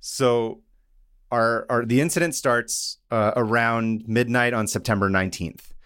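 A man's voice: mid-range voice, unhurried, fairly bright tone, clear, resonant tone, dry recording, clean studio sound. A young man hosting a casual podcast chat, telling a story in a rambling way with frequent laughs and jokey asides. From Iran. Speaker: podcast host.

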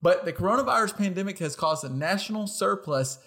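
Casual podcast guy, kinda high voice, rambly and laughing a lot. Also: lively intonation, fairly quick, fairly bright tone. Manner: chatty, rambling, laughs often. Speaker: podcast co-host. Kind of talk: casual chat.

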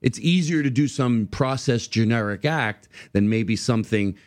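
A man's voice: medium pitch, moderate pace. A man in his fifties, a comedian guest on a podcast, telling rambling stories with many restarts. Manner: animated rambling storyteller, restarts a lot. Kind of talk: casual podcast chat.

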